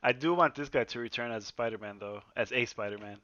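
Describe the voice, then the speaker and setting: A man's voice: mid-range voice, quick pace, bright, forceful tone, dry recording. A man co-hosting a podcast, chatting casually in short, upbeat remarks. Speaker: podcast co-host. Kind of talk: casual chat. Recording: dull, muffled audio.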